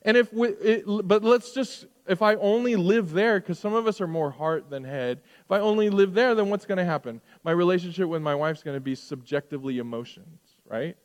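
Man, middle-aged pastor, high voice, conversational sermon, rhetorical questions, loud-then-hushed delivery, long hall reverb. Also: brisk.

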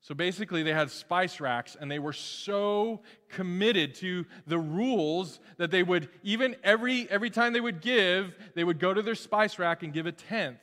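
A man preaching a sermon as a pastor in a lively, joking way, often restarting his phrases. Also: high-pitched, moderate pace, few pauses. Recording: long hall reverb.

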